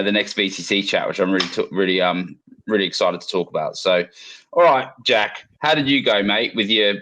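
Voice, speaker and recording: A low-pitched man hosts a casual podcast and steers the conversation between guests. He talks in an encouraging way, full of fillers and restarts. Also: sharp tone, low-quality recording. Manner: encouraging, filler-heavy host transitions. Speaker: podcast host.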